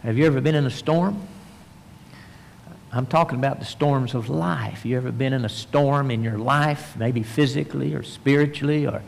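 Male preacher, mid-pitched, folksy storyteller, lively then hushed, long hall echo. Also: moderate pace, gravelly, slight background noise. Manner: folksy storytelling, swings between animated and hushed. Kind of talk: sermon. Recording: long reverb, large hall.

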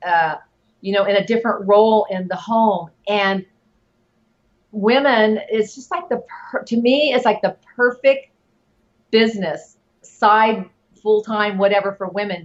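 A woman's voice: mid-range voice, muffled recording. A middle-aged woman giving advice as an interview guest, talking earnestly with lots of fillers. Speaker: guest, network marketing leader. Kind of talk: casual interview talk.

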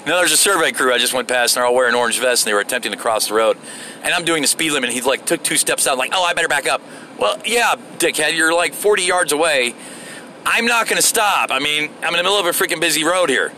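Man from Florida, rambling profane driver rant, lively pitch swings, bright tone. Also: fast talker, a little hiss or hum. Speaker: vlogger. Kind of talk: casual rant while driving. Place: inside a moving vehicle.

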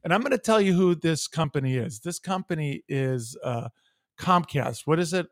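A man's voice: on the high side, moderate pace, dry recording, studio quality. A man from the United States telling a heated, profane story on a podcast, acting out both sides of a phone call. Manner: animated, profane, acts out phone calls. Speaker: podcast co-host. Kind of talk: casual storytelling rant.

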